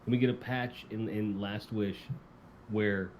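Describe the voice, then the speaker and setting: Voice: mid-range voice, steady tone, measured pace, darkish tone, a little hiss or hum. Teasing, punning podcast co-host. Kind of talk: casual podcast chat.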